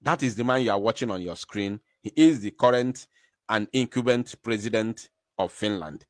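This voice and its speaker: A man's voice: lowish voice, normal speed, no echo, clean studio sound. A Nigerian man giving impassioned live commentary, emphatic and full of rhetorical questions.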